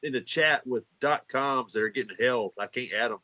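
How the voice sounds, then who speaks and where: A man's voice: mid-range voice, normal speed, sharp tone, dry recording, lo-fi sound. A man co-hosting a podcast, reading chat comments aloud in casual group talk. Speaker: podcast co-host.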